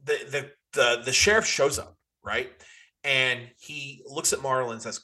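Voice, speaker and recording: A man's voice: medium pitch, fairly even intonation, measured pace, sharp tone. A man in casual podcast chat, retelling a movie with exasperated swearing. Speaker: podcast co-host.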